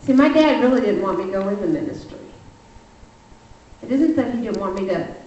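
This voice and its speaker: A woman giving a lively, emphatic sermon testimony, telling a personal story in a church. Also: medium pitch, brisk. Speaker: speaker. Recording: far-off echoey church hall, muffled.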